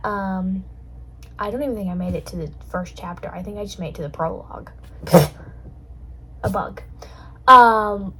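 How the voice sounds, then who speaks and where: A woman's voice: medium pitch, slightly rough, poor audio. A young adult woman hosting a casual solo chat, rambling in a bubbly way with lots of fillers. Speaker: podcast host.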